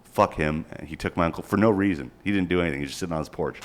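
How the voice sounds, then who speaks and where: Talking at a racing clip in a deep voice, a young man co-hosts a casual podcast chat. He rambles crudely, swearing as he cracks jokes.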